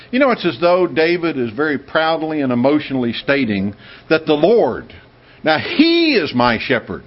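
Man, sermon, emphatic preacher, very animated pitch, dull lo-fi recording. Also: normal speed. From United States. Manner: emphatic, swings to high excited bursts. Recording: dull lo-fi sound.

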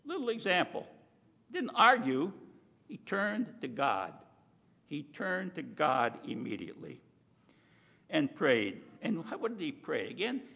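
A man preaching a sermon in a chatty, emphatic way, full of asides and slowed-down stressed words. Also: sits high, gravelly, fairly bright tone, breathy edge. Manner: conversational preaching with frequent asides. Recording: long hall reverb.

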